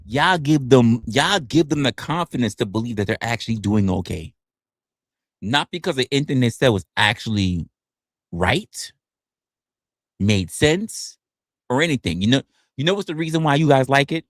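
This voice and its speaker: A male livestream host in a casual, sarcastic rant who keeps slipping into mock voices. His pitch swings widely and his delivery is lively. The sound is close and dry with no room echo. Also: normal speed. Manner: animated, sarcastic, acts out other people's lines.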